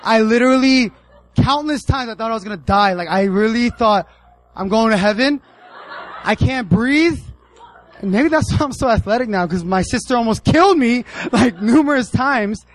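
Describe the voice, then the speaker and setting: Casting note: young American male preacher, high voice, casual and playful, acting out the characters in his story. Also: a little fast, low-quality recording. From United States. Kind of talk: casual sermon.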